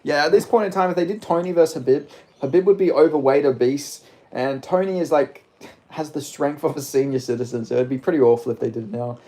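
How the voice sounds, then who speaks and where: A man's voice: fairly high pitch, fast, mellow. A man livestreaming and answering chat, mumbly and rambling, with lots of "like", into a phone set down a bit. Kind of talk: casual live stream chat.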